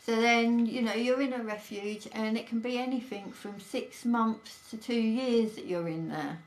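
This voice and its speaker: A woman's voice: fairly high pitch, normal speed. A woman talking earnestly and reassuringly in a casual two-person chat, with many fillers. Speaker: co-host.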